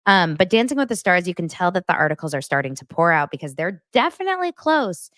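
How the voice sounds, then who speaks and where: A young adult woman hosting a casual celebrity gossip show, chatty and animated, jumping between stories with quick asides. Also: on the low side, no room sound, studio quality. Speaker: host.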